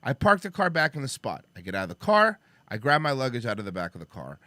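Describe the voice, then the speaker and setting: A man's voice: mid-range voice, fast, dry recording. A man hosting a talk show, telling a story in casual chat, swearing and acting out the people he met. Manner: animated, profane, acts out the other people in the story. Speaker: podcast host telling a story.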